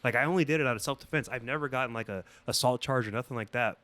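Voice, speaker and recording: A man's voice: mid-range voice, rapid-fire. A man guesting on a podcast, telling a story in casual, rambling, swear-heavy talk. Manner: profane, rambling, animated.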